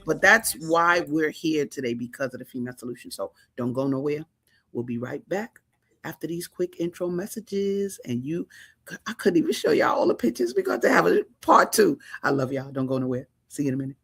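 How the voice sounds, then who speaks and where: An exuberant woman runs her interview show in a loose, slangy way. She talks in quick bursts, gets loud when excited and drops back to an easy, casual tone. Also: deep voice, vocal fry, breathy edge. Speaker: talk show host. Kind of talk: lively interview chat.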